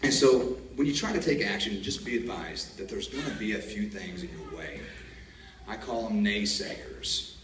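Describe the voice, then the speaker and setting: A man's voice: on the low side, normal speed, fairly bright tone, a little hiss or hum. A man gives a graduation speech, telling army stories in a joking, folksy way. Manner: folksy storyteller, jokes and laughs at his own stories. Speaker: graduation speaker. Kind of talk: commencement speech. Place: large hall. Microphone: far camera. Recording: echoey hall, distant camera.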